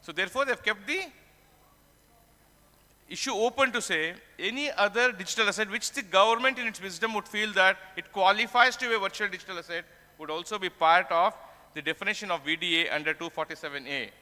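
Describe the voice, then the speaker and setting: A man delivers a conference talk, asking questions and answering them himself. His voice sits high and sounds sharp and bright. The long reverb of a large hall trails behind each phrase. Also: fairly quick. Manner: explanatory, asks and answers his own questions. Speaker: tax conference speaker. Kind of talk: conference lecture.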